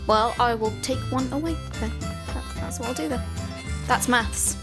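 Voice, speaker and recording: A woman's voice: on the high side, a little slow. A British woman hosting a casual video game chat, playful and teasing. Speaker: video game channel host. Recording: music in the background.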